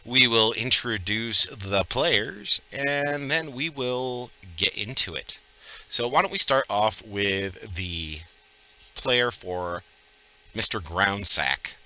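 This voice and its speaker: A man running a tabletop game as game master, lively and joking as he introduces players and narrates. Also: fairly low pitch, slow pace, highs cut off.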